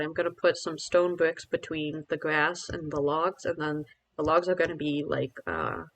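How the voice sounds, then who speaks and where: A man's voice: on the high side, vocal fry, a bit bright, poor audio. Chatty self-mocking man streaming a game. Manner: rambling, self-deprecating, chatty with viewers. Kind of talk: casual live-stream commentary.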